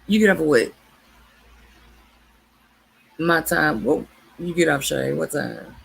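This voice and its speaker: A woman's voice: deep voice, slow, creaky, breathy edge. A woman hosting a casual late-night livestream, chatting with viewers by name and laughing often. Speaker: livestream host.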